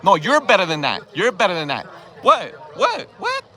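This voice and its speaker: A man's voice: high-pitched, huge pitch swings, normal speed, pushed and bright. A man confronting people in a heated outdoor argument, firing repeated questions and swearing, filmed on his own phone camera. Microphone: phone camera held by the speaker.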